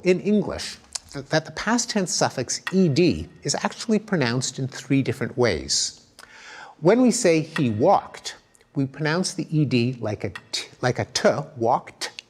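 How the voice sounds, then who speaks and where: A man giving an academic lecture, explaining with lively emphasis and spoken examples. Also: mid-range voice.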